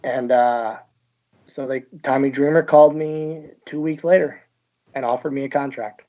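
A man's voice: mid-range voice, fairly even intonation, mellow, highs cut off. A man, a guest, telling stories in a casual interview with many fillers and restarts. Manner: halting, lots of fillers and restarts, chuckles. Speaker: guest, professional wrestler.

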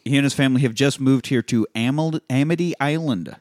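A man's voice: mid-range voice, fairly quick, darkish tone, no echo, clean studio sound. Profane man recapping a film. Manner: profane, recaps scenes, acts out lines. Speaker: podcast host. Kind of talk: casual film recap chat.

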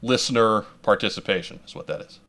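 A man's voice: fairly low pitch, fast talker, fairly bright tone. A man hosting a podcast, giving advice in a dry, repetitive way. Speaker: podcast host. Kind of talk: casual chat.

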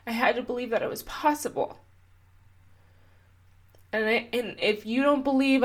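A young woman hosts her own motivational podcast alone. She talks in an earnest, encouraging way and keeps asking her listener gentle, repeated questions. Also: fairly high pitch, normal speed, pauses often. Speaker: podcast host and coach. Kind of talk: solo motivational podcast talk.

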